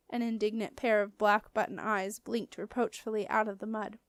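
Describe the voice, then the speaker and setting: A woman narrating a children's fantasy audiobook in a steady, clear storytelling voice. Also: mid-range voice, moderate pace, few pauses, dry recording. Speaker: audiobook reader.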